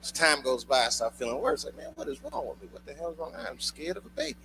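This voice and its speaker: High, lively man doing stand-up. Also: quick pace, creaky. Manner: loose, profane storytelling with shouted punchlines. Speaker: stand-up comedian. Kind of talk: stand-up comedy routine. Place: comedy club stage before a live audience. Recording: noisy live club recording.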